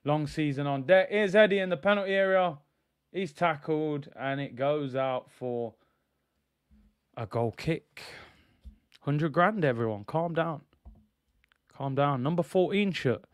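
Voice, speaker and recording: A man's voice: a little high, slow, long pauses, clear, resonant tone, no echo, clean studio sound. A young man hosting a live football watch-along, exasperated and sarcastic. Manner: exasperated, sarcastic, repeats himself. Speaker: football channel host.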